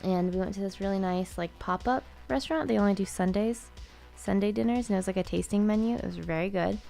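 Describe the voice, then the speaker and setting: A woman's voice: mid-range voice, fast, creaky, mellow, faint music behind. A woman in casual chat, telling a story and laughing through it. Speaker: co-host, married to the other host.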